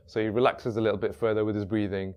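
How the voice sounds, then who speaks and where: A man's voice: lowish voice, little pitch movement, fast talker, a little mellow, lo-fi sound. A man telling a story in a loose, conversational way, with many restarts and "he's like" asides. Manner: rambling, full of "he's like" and restarts. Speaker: workshop speaker. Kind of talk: casual spoken storytelling.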